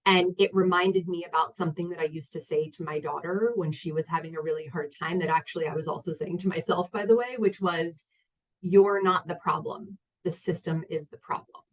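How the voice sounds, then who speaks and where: A woman in her thirties shares a personal story with an audience in a candid, rambling way, full of fillers and restarts. Her voice sits a little low for a woman. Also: fairly even intonation, fairly quick, few pauses, poor audio. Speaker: guest speaker.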